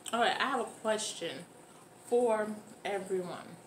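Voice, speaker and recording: A woman's voice: medium pitch, unhurried. A woman chats through a meal for her viewers, talking with her mouth full between bites. Her voice sits in an ordinary middle range, loose and conversational. A faint background hiss sits under the recording. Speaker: mukbang host. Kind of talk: casual eating chat to camera. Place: at home with children nearby.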